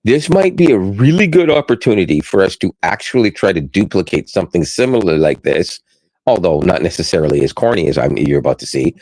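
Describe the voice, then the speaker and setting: A man co-hosting a podcast, chatting casually about tech, animated and self-deprecating, laughing often. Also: sits low, fairly quick, no room sound, poor audio. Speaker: podcast co-host.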